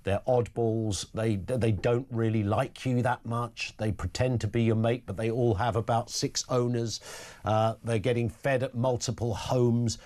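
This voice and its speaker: Wry, blunt talk radio host. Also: male voice, mid-range voice, steady tone, a little mellow. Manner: blunt, wry, chatty with quick asides. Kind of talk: opinionated phone-in talk.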